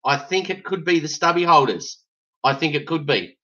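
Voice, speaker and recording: A man's voice: fairly high pitch, expressive, moderate pace, pushed and bright. Jokey Australian man unboxing. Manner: jokey, exaggerated, slangy. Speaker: band member vlogger. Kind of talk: casual vlog unboxing. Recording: dull lo-fi sound.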